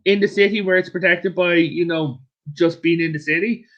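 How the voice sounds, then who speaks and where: A man who is a guest on a casual history chat show, telling his stories with animated asides. His voice sits slightly high, and the audio is muffled and lo-fi. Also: normal speed. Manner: animated storyteller, chatty asides.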